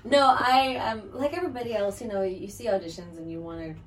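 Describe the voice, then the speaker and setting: A woman's voice: mid-range voice, steady tone, brisk, distant mic, a crowd in the background, rough recording. An American woman in a casual interview, chatty and self-deprecating, laughing often. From United States. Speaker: musical theatre actress, interview guest.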